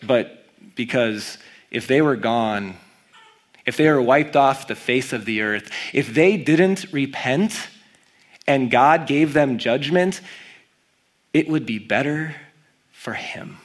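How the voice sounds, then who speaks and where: A man preaching a sermon as a pastor, reading scripture aloud and stressing key words with animated emphasis. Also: medium pitch, takes it slowly, long pauses.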